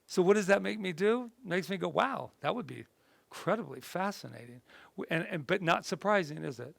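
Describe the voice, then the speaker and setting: A man, a reverend, teaching a spiritual class in a relaxed, conversational way, often rambling and acting out little voices from his stories. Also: sits high, brisk, vocal fry, dry recording. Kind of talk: casual spoken talk.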